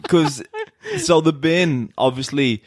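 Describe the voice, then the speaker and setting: A man's voice: a little high, slow, a little hiss or hum. A young man co-hosting a comedy podcast, telling a story at an easy pace and chuckling at his own jokes. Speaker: podcast co-host. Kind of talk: casual comedic chat.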